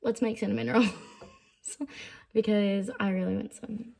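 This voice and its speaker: In a casual vlog chat, a young woman in her twenties giggles and chatters, her speech full of "like" and "um." Her medium-pitched voice is gravelly and a little mellow, steady in tone and unhurried, with a bit of hiss or hum present.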